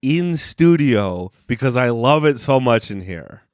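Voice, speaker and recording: A man's voice: mid-range voice, sing-song, unhurried, no room sound, clean studio sound. A man in his thirties co-hosting a comedy podcast, defending himself and arguing in circles. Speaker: podcast co-host. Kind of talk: casual comedic banter. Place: home studio room.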